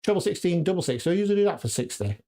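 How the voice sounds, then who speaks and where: A man's voice: high-pitched, big pitch swings, racing, gravelly, mellow. A man on a casual live stream, practicing darts and muttering checkout numbers to himself, then chatting with viewers. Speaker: darts vlogger. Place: home darts room.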